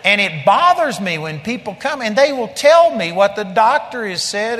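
A man preaching a blunt, forceful sermon, his voice high and swinging widely up and down. Long church-hall reverb rings after his lines. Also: lively intonation, normal speed, hardly any pauses, a little hiss or hum.

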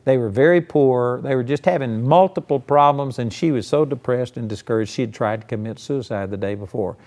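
A man's voice: medium pitch, fairly quick, a little mellow. A man preaching a conversational sermon, folksy and emphatic, telling personal stories to make his point. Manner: folksy, storytelling, emphatic, frequent "you know".

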